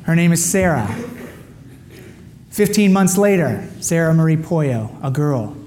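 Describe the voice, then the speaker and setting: A middle-aged man giving an animated storytelling testimony, his voice leaping up with excitement as he acts out dialogue. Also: a little high, measured pace, a little hiss or hum. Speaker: speaker giving a personal testimony.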